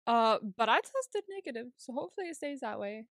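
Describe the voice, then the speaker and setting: A young woman co-hosts a casual podcast, full of laughter as she tells stories and performs quotes. Very animated and fairly quick, her fairly high voice has a gravelly edge, heard in a dry, clean studio recording.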